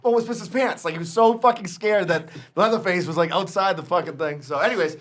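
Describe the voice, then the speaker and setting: A man's voice: sits high, quick pace. A man in his thirties, a podcast co-host telling stories in casual, profane chat. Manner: swearing, storytelling, "you know what I mean".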